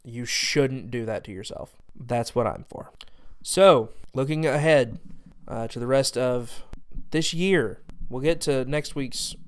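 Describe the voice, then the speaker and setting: A man's voice: medium pitch, slow pace, clean tone. A young man hosting a movie review show, talking casually in a sarcastic, exasperated rant about a bad film.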